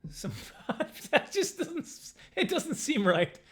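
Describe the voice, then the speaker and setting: A middle-aged man telling a self-mocking comic story to camera in a casual, animated way. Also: takes it slowly. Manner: animated, self-mocking, jumps into high squeaky voices for his younger self. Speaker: comedian storyteller.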